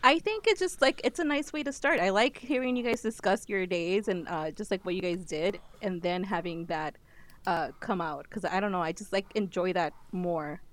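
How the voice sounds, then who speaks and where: A woman's voice: fairly low pitch, normal speed. Chatty laughing woman, slight Minnesota accent. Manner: chatty, laughs often, many fillers. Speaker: podcast guest co-host. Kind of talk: casual podcast chat.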